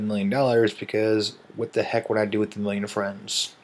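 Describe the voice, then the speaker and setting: Offhand man, low voice. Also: flat delivery, a little fast. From American Midwest. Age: 30s. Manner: offhand, rambling, dryly joking. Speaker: vlogger. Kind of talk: casual vlog answering viewer questions.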